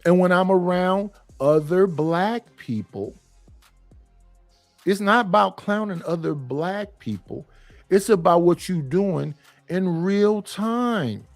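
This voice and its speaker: Blunt, profane man with a high voice. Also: animated, takes it slowly, no room sound, faint music behind. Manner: blunt, profane, rambling with restarts. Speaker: panel guest. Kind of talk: casual opinion talk.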